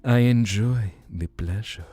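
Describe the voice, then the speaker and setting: A man voicing a charming Romanian woman with a mock Romanian accent, speaking in a slow, courtly, seductive way. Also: fairly low pitch, dark tone, slightly rough, pitched below the performer's own voice.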